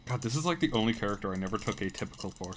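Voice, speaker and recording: A man with a lowish voice plays a tabletop game, chatting casually with the group. His delivery stays relaxed and conversational. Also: rapid-fire, very noisy. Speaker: player.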